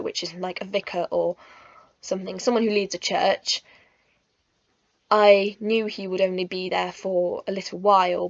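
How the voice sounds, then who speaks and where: A young woman with a mid-range voice tells a personal storytime vlog, chatty, emotional, and giggly. There's no room sound, though the recording is slightly muffled.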